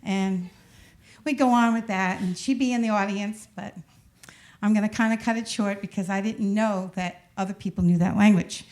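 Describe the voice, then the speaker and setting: A woman's voice: a little high, slight background noise. A woman in her sixties with a New York accent, performing a rambling stand-up comedy set on a club stage and laughing at her own jokes. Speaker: stand-up comic.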